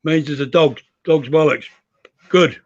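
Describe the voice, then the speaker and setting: An English man being interviewed as a guest over a video call, good-humoured and gravelly, chuckling often. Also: on the high side, unhurried, a little mellow, dull audio. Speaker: interview guest, wrestler and promoter. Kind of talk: casual interview chat.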